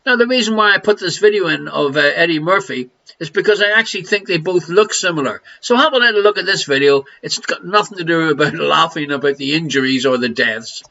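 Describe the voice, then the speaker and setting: A man's voice: on the high side, animated, fairly quick, vocal fry, few pauses, sharp tone, dull audio. A man with an Irish accent hosting a live online quiz, jokey and teasing, laughing between questions. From Ireland. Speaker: quiz host.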